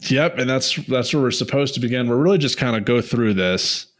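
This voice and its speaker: A young man with a mid-range voice talks fairly quickly as a podcast co-host. The chat is casual, loose and joking, and he giggles between jokes.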